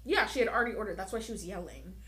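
A woman co-hosting a podcast in casual chat, a chatty storyteller with quick asides. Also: medium pitch, crowd noise. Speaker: podcast co-host, stylist. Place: hair salon.

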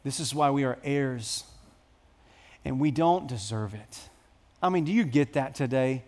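A man preaching a sermon to his church, telling a story with dramatic swings between hushed and loud. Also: medium pitch, measured pace. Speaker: pastor.

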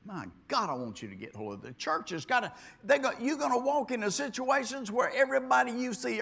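A man preaching a sermon, rambling and repeating himself, dropping to quiet asides and then rising to loud exhortation. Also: extremely high pitch, big pitch swings, quick pace, vocal fry. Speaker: pastor.

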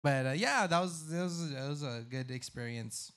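A man on a podcast telling a story in casual chat, loud and profane, shouting out the voices of the crowd. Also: fairly high pitch, normal speed. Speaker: podcast guest.

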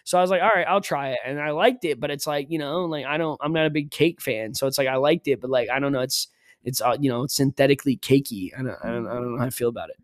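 A man's voice: medium pitch, fast, no room sound, studio quality. A male podcast co-host in casual chat, rambling and joking with lots of fillers.

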